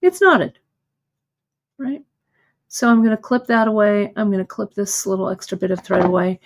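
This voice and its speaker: A woman with a medium-pitched voice hosts a live bead embroidery lesson at a moderate pace. She walks through each step patiently and checks in often with her viewers.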